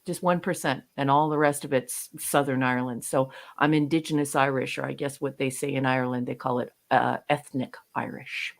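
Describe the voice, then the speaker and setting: A woman's voice: very deep voice, fairly even intonation, a little fast, vocal fry, few pauses. A woman from Canada co-hosting a livestream in casual chat, reading viewer comments aloud and laughing often. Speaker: livestream co-host.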